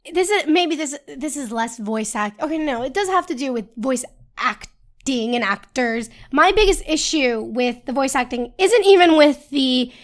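High-voiced woman hosting a film chat. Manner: animated, trails off and restarts. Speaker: podcast host. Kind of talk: casual film discussion.

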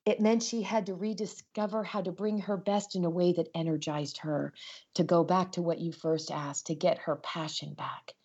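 A woman's voice: fairly low pitch, steady tone, moderate pace, a little mellow, slightly rough, highs cut off. A woman who speaks for a living, telling stories earnestly and with feeling as a guest in an interview over a video call. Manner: earnest, impassioned. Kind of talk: emotional interview storytelling.

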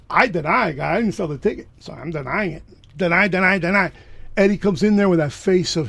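High gravelly man telling a story. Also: fast talker, no room sound. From Miami. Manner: emphatic, bursts of loud excitement. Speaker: guest. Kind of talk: animated personal storytelling.

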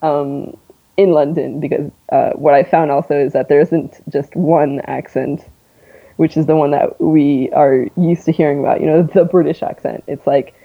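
A woman's voice: low voice, fairly even intonation, moderate pace, creaky. A young Canadian woman with a North American accent, chatting casually as an interview guest and laughing often between fillers. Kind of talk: casual conversation. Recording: tinny phone-like line.

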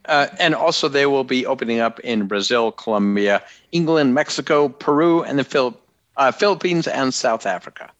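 A man's voice: mid-range voice, moderate pace, fairly bright tone, dull audio. A man co-hosting a podcast, reading news items in a hesitant way that stumbles over itself. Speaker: podcast co-host.

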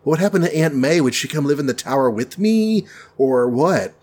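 A man's voice: fairly high pitch, lively intonation, moderate pace, darkish tone. A man doing a hesitant young superhero. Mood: unsure. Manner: hesitant, stammering. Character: young male superhero, unsure and eager.

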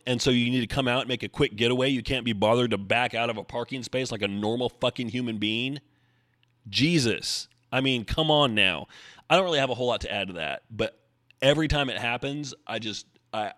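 A man at home hosting a podcast on his own, talking straight into the mic with a middle-pitched voice. He rants bluntly and swears freely as he goes. He keeps up a running solo monologue. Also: brisk, fairly bright tone, no echo, studio quality. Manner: blunt, profane ranting. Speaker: podcast host.

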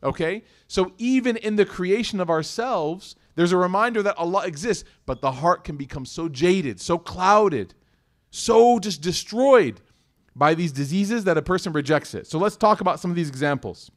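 A man giving a religious lecture in a casual, lively way, often asking the audience rhetorical questions and adding humorous asides. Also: sits high, moderate pace. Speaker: Islamic lecturer.

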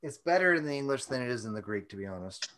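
A man's voice: mid-range voice, lively intonation, fast talker, a bit bright. A man teaching a Bible study in casual chat, thoughtful and often breaking off mid-thought. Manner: thoughtful, self-interrupting, chatty.

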